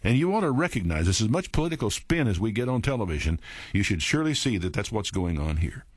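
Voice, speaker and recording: Man, sermon, reads scripture then comments, husky low voice, dry close sound. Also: big pitch swings, quick pace, no room sound. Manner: reads verses aloud, then comments plainly and conversationally; addresses listeners directly. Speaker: Bible teacher.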